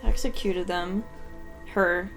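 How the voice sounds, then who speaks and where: A woman's voice: on the low side, fairly even intonation, slow pace, a bit bright. A young woman chatting playfully and laughing often while watching a video game playthrough. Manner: giggly, playful, teasing. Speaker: let's play co-host. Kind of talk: casual gameplay commentary. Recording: game music faintly behind.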